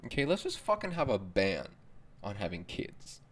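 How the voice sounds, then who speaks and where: A man's voice: lowish voice, wildly swooping pitch, moderate pace. A young man hosting his own podcast, rambling in a profane, self-mocking solo monologue. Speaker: podcast host.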